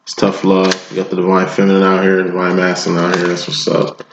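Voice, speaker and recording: Deep-voiced man reading tarot, laid-back slang. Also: a little fast. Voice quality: self-described monotone. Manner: laid-back, slangy, chuckles between lines. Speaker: tarot reader. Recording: echoey room, dull lo-fi, loud background noise.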